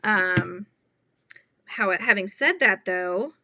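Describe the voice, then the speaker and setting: A woman hosting a casual crochet livestream, giggly, animated and chatty as she talks to viewers. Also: mid-range voice, extremely slow, slight background noise. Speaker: livestream host.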